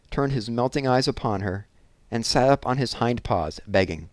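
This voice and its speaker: A man narrating a children's novel aloud in a measured, expressive reading. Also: on the low side, dry recording. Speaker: audiobook reader. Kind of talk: storybook narration.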